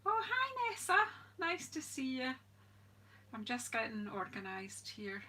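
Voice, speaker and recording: A woman with a Scottish accent hosts a live-stream crafting demo, greeting viewers, chatting homely and casual, and laughing often. Her voice is high and bright, with a forceful tone and wildly swooping pitch. She speaks unhurriedly as the channel's craft demonstrator.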